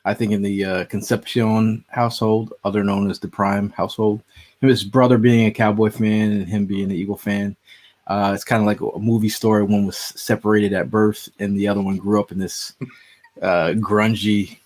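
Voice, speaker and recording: A man's voice: fairly low pitch, level tone, moderate pace, a little mellow. A man co-hosting a casual sports podcast, rambling easygoing with many "uh"s. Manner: rambling, filler-heavy, easygoing. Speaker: podcast co-host.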